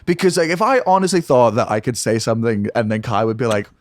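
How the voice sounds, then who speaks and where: A young man with a Scottish accent guests on a podcast. He rants quickly and emphatically, scattering swear words through his points. His voice sits in a middle register and sounds dry and close. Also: medium pitch, expressive, no echo. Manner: fast, profane, emphatic ranting. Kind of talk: casual chat.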